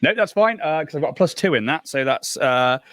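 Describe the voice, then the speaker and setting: A man's voice: a little high, animated, a little fast, fairly bright tone, dry recording. A man playing a tabletop role-playing game, easygoing and upbeat as he rolls dice and explains his moves. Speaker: player.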